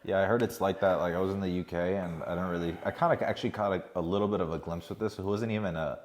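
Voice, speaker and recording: A man's voice: sits low, fairly even intonation, fast, slight background noise. A man hosting a podcast, chatting casually and rambling with lots of filler words. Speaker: podcast host. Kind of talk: casual chat.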